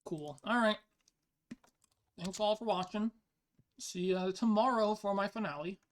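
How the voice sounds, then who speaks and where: In a mid-range, slightly slow voice, a player casually comments on their own online card game match. They work through their thinking aloud, filling speech with frequent "like."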